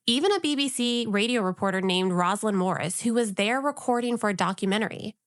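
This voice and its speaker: A woman's voice: mid-range voice, no echo, studio quality. A woman co-hosting a podcast, telling a story in a casual, wry and jokey way. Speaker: podcast co-host.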